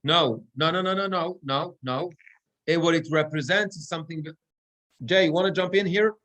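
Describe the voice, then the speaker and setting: A man's voice: fairly high pitch, moderate pace, fairly bright tone, rough recording. A man teaching a class on Torah reading as cantor, explaining chant rules and chanting Hebrew verses. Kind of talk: online class lesson.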